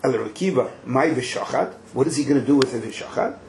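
A man's voice: medium pitch, fairly quick, a little mellow, slight background noise, low-quality recording. A man leading a text study lesson, explaining with rhetorical questions and joking asides. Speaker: teacher leading a study class.

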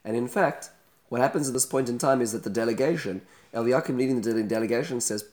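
A man's voice: mid-range voice, quick pace, a little mellow. Man teaching a daily scripture lesson. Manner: explanatory, poses rhetorical questions. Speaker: Bible teacher.

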